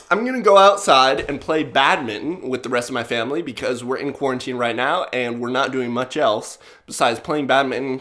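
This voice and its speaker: A man's voice: medium pitch, sharp tone. A man vlogging in a casual, rambling storytelling way, self-mocking and full of fillers.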